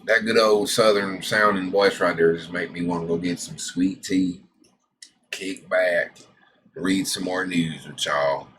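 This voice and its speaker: Loose, swearing stream host, a man with a lowish voice and a faint hiss behind him. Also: fairly even intonation, measured pace. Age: adult with a daughter. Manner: rambling, loose, swears often; reads lists aloud with side remarks. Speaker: host of a cannabis news show. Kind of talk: casual live-stream chat.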